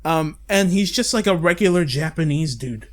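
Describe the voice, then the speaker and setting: Rambling young man, slightly high voice. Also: lively intonation, moderate pace. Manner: rambling, swears casually, laughs often. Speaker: podcast co-host. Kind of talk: casual chat.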